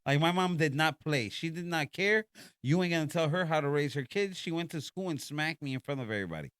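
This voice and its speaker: A man's voice: a little high, animated, a little fast, fairly bright tone, smooth, dry recording, studio quality. A man co-hosting a podcast in casual conversation, laid-back with emphatic slang. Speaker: podcast co-host. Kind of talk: casual chat.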